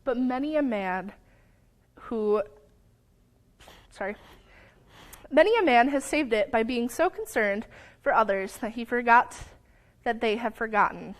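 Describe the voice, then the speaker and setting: High-voiced young woman preaching. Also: measured pace, pauses often. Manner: earnest, stumbles and apologizes, lively storytelling. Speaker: lay preacher. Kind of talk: sermon. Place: church sanctuary.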